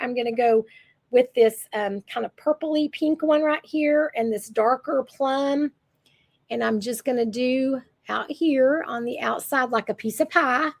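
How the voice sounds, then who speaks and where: A woman's voice: sits high, creaky, breathy edge. An older woman, chatting casually and rambling through a makeup tutorial as a makeup consultant. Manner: chatty, rambling, self-correcting.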